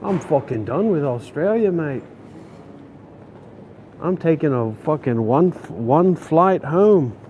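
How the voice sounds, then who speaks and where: A man's voice: on the high side, lively intonation, slow, long pauses, mellow, slight background noise. A man vlogging while walking city streets, ranting in a frustrated, profane way. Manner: frustrated, swearing, grumbling.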